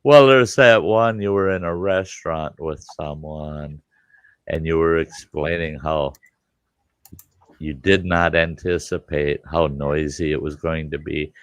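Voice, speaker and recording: Deep-voiced man, halting and earnest. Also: steady tone, clean tone, no room sound. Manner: earnest, halting, repeats words as he starts. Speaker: host. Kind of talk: casual chat.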